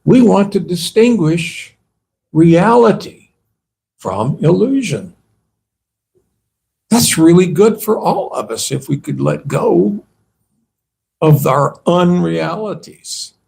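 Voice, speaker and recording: Slow, gravelly monk giving a sermon. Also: male voice, sits high, very animated, a little mellow. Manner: conversational, asks the audience rhetorical questions. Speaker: monk giving a temple talk. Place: temple hall.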